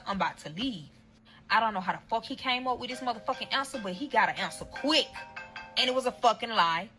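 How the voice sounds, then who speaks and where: A woman's voice: medium pitch, pushed and bright, poor audio. A woman telling a story straight to her viewers in a casual vlog, blunt and heavy on profanity. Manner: acts out quotes in other voices. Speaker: storyteller recounting a breakup.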